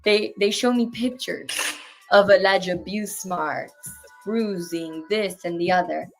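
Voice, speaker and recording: Woman in her twenties, interview guest, animated storyteller, indignant, acts out the dialogue, mid-pitched voice. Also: takes it slowly, faint music behind. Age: 20s. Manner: animated retelling, acting out each exchange; earnest and indignant. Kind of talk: personal story in conversation.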